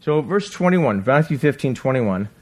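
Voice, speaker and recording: A man preaching a sermon in a conversational way, reading scripture aloud and often checking in with listeners with a quick "right?". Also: medium pitch, animated, darkish tone. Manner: reads scripture aloud, acts out quotes. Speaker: pastor.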